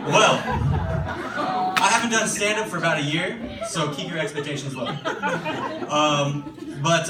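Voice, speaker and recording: A man's voice: on the high side, roomy sound, far from the mic, very noisy. A young man performing a casual, profane stand-up set, full of fillers and self-deprecation. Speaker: stand-up comedian. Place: comedy club stage with audience laughter.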